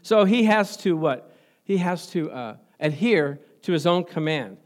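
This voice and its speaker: A man preaching a sermon as pastor, chatty and questioning, shifting from soft asides to loud fervent emphasis with frequent laughter. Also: fairly high pitch, lively intonation, a little slow. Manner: conversational, quizzes the congregation, laughs often.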